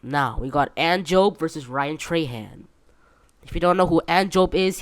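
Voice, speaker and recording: A man's voice: a little high, smooth, dry recording. A man hosting a casual solo podcast from his bedroom, rambling with many fillers and restarts. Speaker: podcast host.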